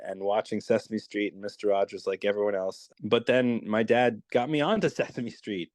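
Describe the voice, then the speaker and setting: A man's voice: fairly low pitch, darkish tone, dry recording. A man talking as a dialect coach guest in a casual interview, explaining with enthusiasm.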